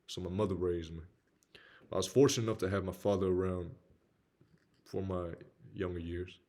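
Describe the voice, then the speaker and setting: With a low-pitched, steady, slightly mellow voice at normal speed, a young Southern US motivational speaker talks bluntly and candidly about his life. He's slangy and keeps dropping "man" into his sentences.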